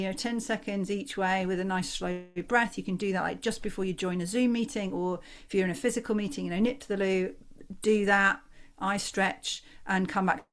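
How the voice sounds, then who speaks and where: A woman, a voice coach calmly and encouragingly leading a group through relaxation exercises on a video call. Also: mid-range voice. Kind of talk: online workshop instruction.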